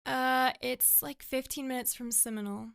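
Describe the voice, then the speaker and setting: Young woman with a gravelly edge. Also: high-pitched, fairly even intonation, moderate pace, fairly bright tone, dry recording, clean studio sound. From Oklahoma, USA. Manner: brief, matter-of-fact answers. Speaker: interview guest. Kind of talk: casual interview answers.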